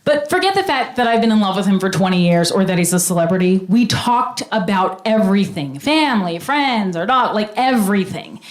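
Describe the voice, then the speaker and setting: A woman telling a stand-up story on stage, animated and squealing at the big moments. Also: brisk, hardly any pauses, reverberant. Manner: animated, acts out voices, high squeals at punchlines. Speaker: stand-up comedian. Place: comedy stage with a live audience.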